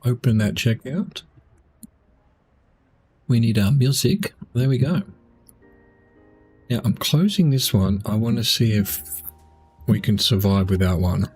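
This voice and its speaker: A man's voice: medium pitch, takes it slowly, pauses often, breathy edge, faint music behind. A man casually commenting on a game he is playing, muttering to himself and talking while eating. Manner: relaxed, talks with his mouth full while eating. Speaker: gaming streamer.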